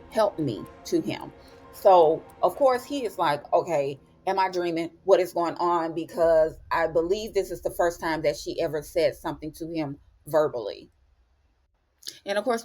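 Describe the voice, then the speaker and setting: A young woman giving a chatty, expressive episode recap, with slang asides as she retells the plot. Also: lowish voice. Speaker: TV recap host.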